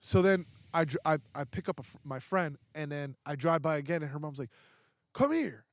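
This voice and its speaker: A man's voice: a little high, brisk. A young man, a podcast guest, tells a story in casual, profane talk, acting out what others said and restarting his sentences often. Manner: profane, acts out quoted voices. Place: indoors, podcast recording.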